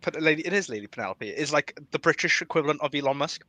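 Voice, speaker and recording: A man hosting a casual political podcast chat, animated and quick to laugh, jumping up in pitch when he jokes. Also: no room sound. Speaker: podcast host.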